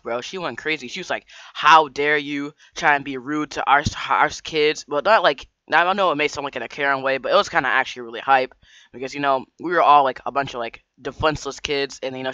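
A man's voice: medium pitch, fast talker, pushed and bright, smooth, no echo, highs cut off. Rambling young man telling a storytime. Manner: rambling, full of restarts and slang. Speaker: vlogger. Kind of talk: casual storytime vlog.

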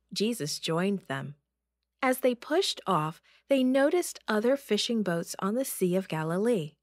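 A woman's voice: mid-range voice, no room sound, studio quality. A woman reading a Bible story aloud over a video call, lifting her voice for dramatic moments.

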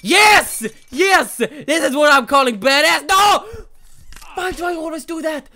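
Loud excitable young gamer shouting. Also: male voice, extremely high pitch, unhurried. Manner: loud, excitable, yelling and swearing at the game. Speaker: gaming channel host. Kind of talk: let's play commentary.

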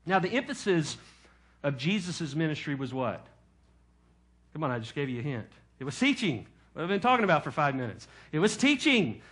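A man's voice: on the high side, a bit bright. A male pastor preaching a sermon, teaching from scripture and putting questions to his congregation.

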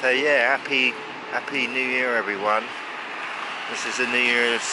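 A man with a mid-range, fairly flat voice narrates a casual outdoor vlog at a moderate pace, feeding pigeons in the rain. He chats fondly and laughs often as he calls the birds over. It's recorded on a handheld camera, with street noise in the background.

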